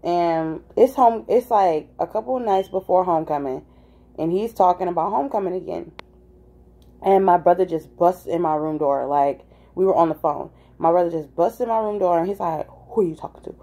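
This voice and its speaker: A woman's voice: fairly low pitch, moderate pace. A young adult woman casually telling a personal story, acting out the people in it with lots of "like" fillers. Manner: animated, acts out quoted voices, many "like" fillers.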